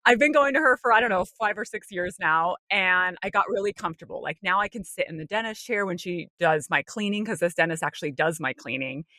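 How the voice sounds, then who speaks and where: Bright-voiced woman telling a story. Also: on the low side, fairly quick, hardly any pauses, dry recording, studio quality. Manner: animated, acts out her own inner voice; frequent light laughter and "like" fillers. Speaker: podcast co-host. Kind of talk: casual personal storytelling.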